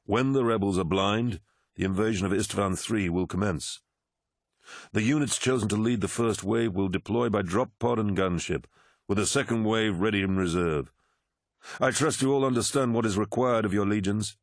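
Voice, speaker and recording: A man's voice: on the low side, no echo, studio quality, voice pushed up, close to an everyday voice. A man voicing a stern, imperious warlord commander. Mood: cold, measured. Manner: commanding, measured, cold. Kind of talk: audiobook character voice.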